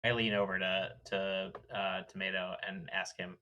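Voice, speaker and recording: A man's voice: low-pitched, little pitch movement, moderate pace, bright, forceful tone, a little hiss or hum. A man playing a tabletop game, with dry, sarcastic remarks. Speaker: player.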